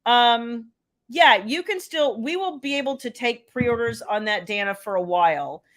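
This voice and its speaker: A woman's voice: on the high side, animated, normal speed, a bit bright. Middle-aged woman, casual live-stream host, chatty and rambling. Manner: chatty, rambling, answers viewer comments by name. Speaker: romance author hosting a live stream.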